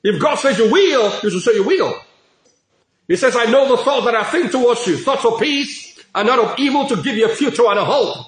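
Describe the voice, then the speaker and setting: High pitched pastor preaching, repeats himself a lot, roomy echo. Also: male voice, lively intonation, fairly quick. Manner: emphatic, repetitive preaching with frequent praise interjections. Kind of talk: sermon. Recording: echoey room.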